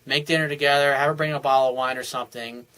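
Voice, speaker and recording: A man's voice: mid-range voice, steady tone, fast, pushed and bright, poor audio. A man working as a dating coach, reading out a listener's letter and answering it in a blunt, emphatic, lecturing way.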